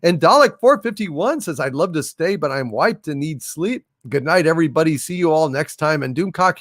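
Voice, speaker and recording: A man's voice: mid-range voice, creaky, no room sound, studio quality. A man hosting a casual livestream, hailing and thanking viewers by name as he reads their messages aloud. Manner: hails and thanks viewers by name, drawn-out unhurried delivery. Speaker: livestream host.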